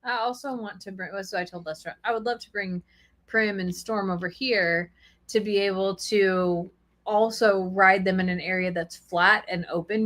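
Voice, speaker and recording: A woman's voice: medium pitch, fairly bright tone. A woman chatting casually on a livestream in an easygoing, earnest way. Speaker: co-host.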